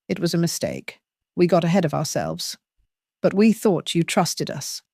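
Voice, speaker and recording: A woman's voice: on the low side, big pitch swings, moderate pace, dark tone, dry recording, clean studio sound. An older woman voicing her adult son, solemn and stiff.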